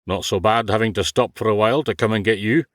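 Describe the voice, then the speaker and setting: A man voicing a rough, blunt Scottish woodsman with a Scottish accent and a curt, offhand manner. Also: fairly low pitch, fast, no echo, studio quality, close to an everyday voice.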